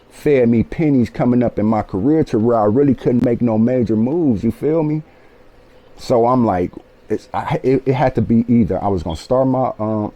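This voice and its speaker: Low, dark-voiced man telling a story. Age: 40s. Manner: animated, profane, keeps asking "you feel me". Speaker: author telling his life story. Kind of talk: casual storytelling.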